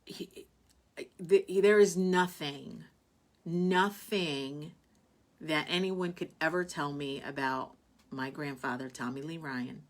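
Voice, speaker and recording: Woman host, low voice, casual live chat, heartfelt and rambling, full of fillers. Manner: warm, heartfelt, rambling with many fillers and restarts. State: tearful at moments. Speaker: host of a live online show. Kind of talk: casual live-stream chat reading viewer comments.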